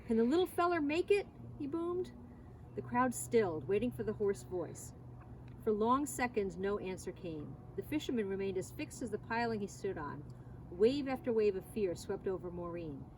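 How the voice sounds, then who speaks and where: A woman reading a children's novel aloud with expressive, animated delivery, outdoors at a barn. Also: mid-range voice, moderate pace. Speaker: reader. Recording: distant mic, loud outdoor noise. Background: outdoor noise and passing vehicles.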